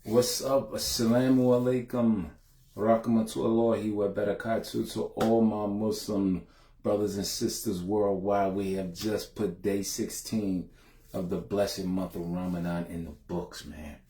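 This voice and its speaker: A man's voice: fairly low pitch, level tone, unhurried, mellow. Emotional man hosting a live stream. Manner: folksy, says "man" often, emotional. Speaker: host of a live show. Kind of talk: casual live-stream talk. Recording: echoey room.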